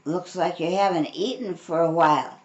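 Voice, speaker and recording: A grandmother doing a gentle, low-voiced wildlife keeper. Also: moderate pace, dull audio, natural voice. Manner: soothing, kind. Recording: roomy echo.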